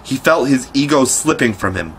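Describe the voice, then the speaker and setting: A man reading a classic children's novel aloud in a measured, expressive storytelling voice. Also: mid-range voice, a little hiss or hum, poor audio. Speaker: audiobook reader. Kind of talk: scripted narration.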